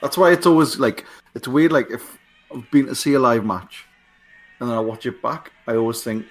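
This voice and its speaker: A man's voice: medium pitch, moderate pace. Geordie guy on a wrestling podcast, chill and a bit sweary. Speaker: podcast co-host. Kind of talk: casual watchalong banter.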